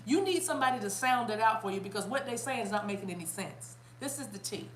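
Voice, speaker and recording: Animated woman in an echoey room. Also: a little high, quick pace, hardly any pauses, a little hiss or hum. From South Carolina, US. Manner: animated, chatty, bursts into laughter and song. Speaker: spiritual reader. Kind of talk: casual spiritual reading to camera.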